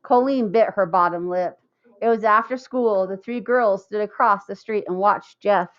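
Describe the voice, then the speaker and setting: Female audiobook narrator, steady storytelling read; lo-fi, slightly dull recording. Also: medium pitch, normal speed. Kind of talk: scripted narration.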